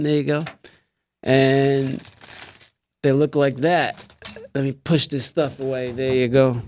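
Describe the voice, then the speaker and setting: A man's voice: a little high, clean tone. Rambling jokey man hosting a live stream. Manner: rambling, jokey, talks with mouth full. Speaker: show host. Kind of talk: casual live-stream cooking chat. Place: small room at a desk.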